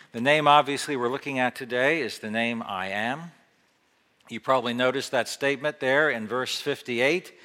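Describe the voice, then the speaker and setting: A man preaches with a bright, forceful voice that carries a long echo around a large hall. He reads scripture with building emphasis, then shifts into an easy, explanatory tone to teach his listeners. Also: medium pitch. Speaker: Bible teacher. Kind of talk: sermon mixing scripture reading and explanation.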